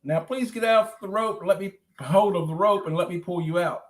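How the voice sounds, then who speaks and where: A man voicing a gentle male dragon who loves cornbread, speaking slowly and earnestly. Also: high-pitched, voice pushed up, close to an everyday voice. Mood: reassuring.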